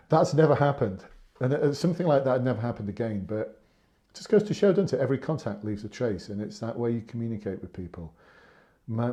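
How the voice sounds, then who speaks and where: A man's voice: lowish voice, warm tone. A man in his fifties, a former police sergeant, giving casual, earnest advice on a live stream and repeating his points for emphasis. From England.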